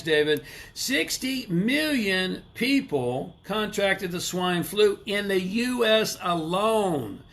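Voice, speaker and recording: A man's voice: high voice, vocal fry, a bit bright. A middle-aged man hosting a motivational livestream, talking emphatically, asking rhetorical questions and greeting viewers by name. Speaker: livestream host. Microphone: live stream camera mic.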